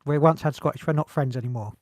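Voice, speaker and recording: A man co-hosting a casual podcast, joking loudly, swearing and slipping into mock voices. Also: fairly high pitch, fast talker, no echo, studio quality. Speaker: podcast co-host. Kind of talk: casual chat.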